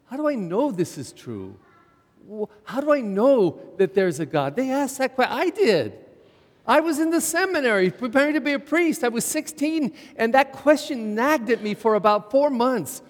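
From the pulpit, a middle-aged pastor delivers a sermon in a fairly high voice, relying on repetition and rhetorical questions. A long reverb carries his words through the church.

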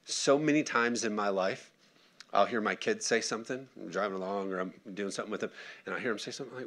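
Speaking fast in a lowish register, a pastor in his thirties preaches with energy and a conversational touch. He performs the quotations and prompts the congregation to answer back.

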